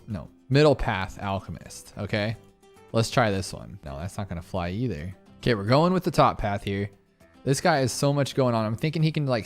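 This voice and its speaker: Fast-talking excitable young man. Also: mid-range voice. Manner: fast, excitable, full of fillers and self-talk. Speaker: gaming channel host. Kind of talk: casual gameplay commentary. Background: faint game music.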